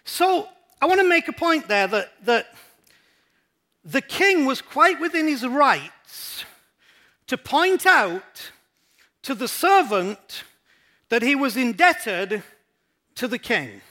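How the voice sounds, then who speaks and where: A male pastor delivers an emphatic sermon with a very high, bright voice. His pitch swings widely as he repeats phrases to press each point home in a church. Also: sing-song, slow, long pauses.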